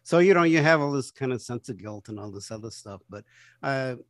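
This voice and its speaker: A man hosting an interview, relaxed and chatty, with many fillers. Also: medium pitch, a little fast, dry recording, studio quality. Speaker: interview host. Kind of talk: casual interview chat.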